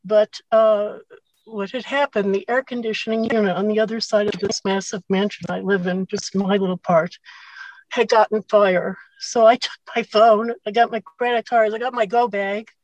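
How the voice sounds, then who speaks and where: A woman's voice: mid-range voice, fairly even intonation, normal speed, a little mellow, highs cut off, a little hiss or hum. A woman sharing at an online recovery meeting from her car, earnest and rambling, full of gratitude.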